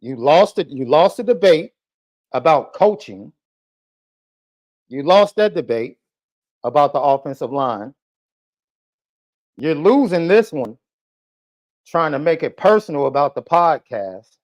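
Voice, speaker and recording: A man's voice: a little high, big pitch swings, a little slow, pauses often. A man hosting a podcast, ranting heatedly at a viewer in a combative, taunting, repetitive way. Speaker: podcast host. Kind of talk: heated live podcast rant. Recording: muffled lo-fi stream audio.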